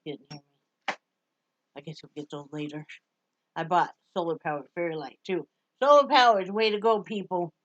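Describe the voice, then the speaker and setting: A woman's voice: fairly low pitch, normal speed, pauses often, muffled recording. A middle-aged woman from Wyoming chatting casually to her camera at home. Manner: chatty, baby-talks to her dog. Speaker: vlogger.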